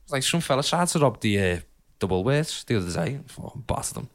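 A man's voice: mid-range voice, very animated, fast. Laughing young man telling stories. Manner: rambling, laughing storyteller with many fillers. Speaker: podcast co-host. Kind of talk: casual storytelling chat.

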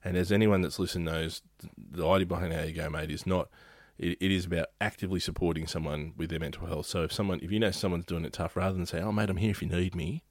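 A man's voice: deep voice, fairly even intonation, fast, few pauses, dry recording. An Australian man hosting a casual podcast chat, rambling with frequent restarts and laughing easily. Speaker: podcast host.

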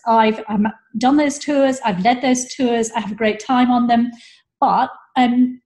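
A woman historian answering interview questions fluently from her flat, with a few fillers. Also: mid-range voice. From England. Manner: articulate, fluent, some fillers. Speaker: historian guest. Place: high-rise flat at home.

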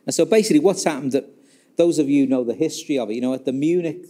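A man's voice: on the high side, racing. Man telling history with acted-out quotes. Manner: animated storytelling, acts out quoted dialogue; many fillers and restarts. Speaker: author discussing his book. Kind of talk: casual spoken history talk.

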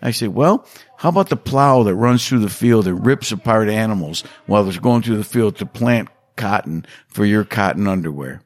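A middle-aged man being interviewed, telling stories in a casual, animated way and acting out quotes with big jumps in voice. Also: lowish voice, normal speed, few pauses. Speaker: hunter and hunting instructor, interview guest.

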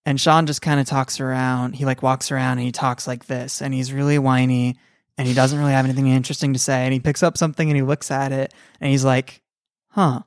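A woman co-hosting a casual chat about video games, animated and rambling, laughing often. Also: rumbling low, quick pace, no room sound, studio quality. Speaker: podcast co-host.

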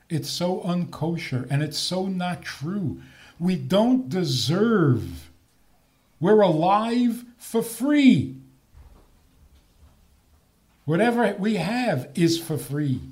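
Lively, unhurried man lecturing. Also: a little high. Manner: animated, rhetorical questions, chuckles at own points. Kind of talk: lecture with humor.

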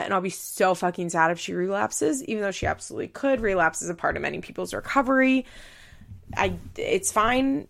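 A young woman hosting a podcast, chatting casually through a recap, with lots of "like" and acted-out quotes. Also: mid-range voice. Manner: chatty, uses "like" a lot, acts out quotes. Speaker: podcast host.

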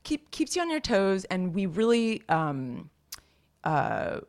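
A woman co-hosting a podcast, chatting in a relaxed way with casual slang and frequent laughter. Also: medium pitch, slow. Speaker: podcast co-host. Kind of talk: casual chat.

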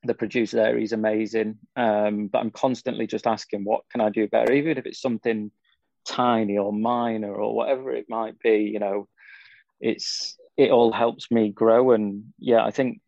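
A man's voice: lowish voice, level tone, moderate pace, creaky, darkish tone, no echo, muffled recording. A young man, talking easygoing and rambling as a guest in a casual interview. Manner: easygoing, rambling, frequent fillers. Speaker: cycling pundit guest.

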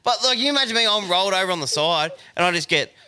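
A man's voice: high voice, rapid-fire. A man co-hosting a podcast, telling stories with energy and plenty of swearing. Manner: animated storyteller, swears a lot. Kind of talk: casual chat.

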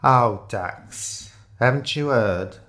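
A man's voice: mid-range voice, extremely slow, fairly bright tone. A man voicing a motherly middle-aged woman receptionist who is tearful and chatty and calls people ducks and dear. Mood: sorrowful.

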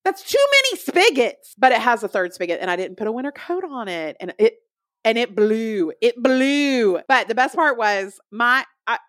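A young woman co-hosts a podcast in casual chat, telling a story in an animated way and acting out quotes in other people's voices. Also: fairly high pitch, normal speed, no room sound, clean studio sound. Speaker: podcast co-host.

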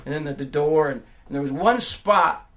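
An older man preaching a personal testimony, moving from hushed storytelling to crying shouts. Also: fairly high pitch, normal speed. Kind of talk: sermon testimony.

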